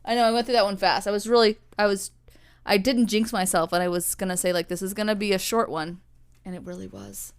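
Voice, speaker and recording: A woman's voice: mid-range voice, fairly even intonation, fast, clean tone. A woman co-hosting a podcast, rambling playfully in casual chat and laughing often. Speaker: podcast co-host.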